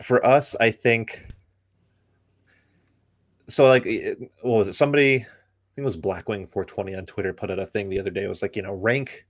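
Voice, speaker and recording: Low-voiced man giving a rambling critique. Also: a little fast, long pauses, dry recording, studio quality. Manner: rambling, many ums and likes; opinionated critique. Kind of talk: casual chat.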